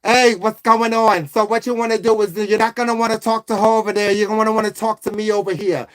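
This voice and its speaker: A man's voice: sits high, level tone, fast talker, natural voice. A man putting on an Italian-American accent, playing a pushy, gossipy diner waitress who runs down her coworkers. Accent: put-on Italian-American.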